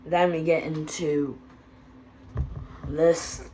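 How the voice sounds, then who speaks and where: A woman casually recapping a wrestling episode, rambling and excitable, with quiet muttered asides. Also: deep voice, drawn-out words, a little hiss or hum, low-quality recording.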